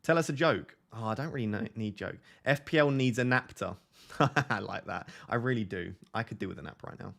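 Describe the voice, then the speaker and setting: A man's voice: on the low side, brisk, gravelly, fairly bright tone. A man hosting a casual fantasy football live stream, reading viewer comments aloud and joking and laughing with them.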